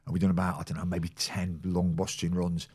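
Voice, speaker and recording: A man in his sixties with a very low, deep voice spins stories as a podcast guest. He slips into the voices of the people in his tales and laughs along as he goes. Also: flat delivery, a little fast, darkish tone, slightly rough. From England. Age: 60s. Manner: storyteller who acts out quoted people, laughing often. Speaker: guest, former football physio. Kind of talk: casual anecdotal chat.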